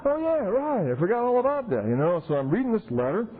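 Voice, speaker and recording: Man, recovery meeting talk, animated storytelling, fairly high voice, tinny phone-like 1990s tape. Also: fast talker. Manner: animated, acts out the people he quotes. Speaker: convention speaker.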